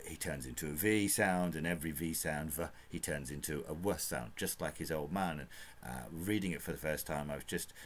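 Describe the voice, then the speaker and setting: A man talks through a book review off the cuff, wandering between points with plenty of fillers and little chuckles. His voice sits very low, and a faint hiss runs under the recording. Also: fairly bright tone. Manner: rambling, chatty, with frequent fillers and chuckles.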